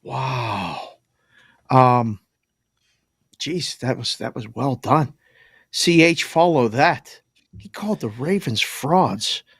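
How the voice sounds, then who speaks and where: A man hosting a sports podcast in a playful, teasing way, quick to joke at his co-hosts. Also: medium pitch, lively intonation, a bit bright, breathy edge, dry recording, clean studio sound. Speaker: podcast host.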